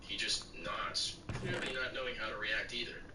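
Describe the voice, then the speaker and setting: A man's computer-generated voice reading short stories aloud in a flat, even way. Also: on the low side, moderate pace. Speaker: story narrator. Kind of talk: text-to-speech reading of bartender stories. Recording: echoey, distant, noisy.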